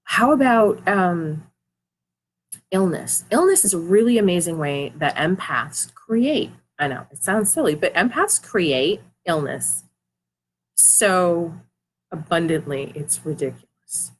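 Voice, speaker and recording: A woman's voice: fairly low pitch, lively intonation, takes it slowly, slight background noise, poor audio. A woman life coach giving an earnest motivational talk, repeating her phrases for emphasis.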